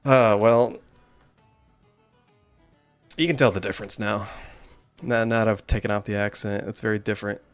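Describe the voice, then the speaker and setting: Deep-voiced joking male game streamer. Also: fairly even intonation, normal speed, pauses often, smooth, soft background music. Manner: joking, self-deprecating asides. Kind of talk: game commentary.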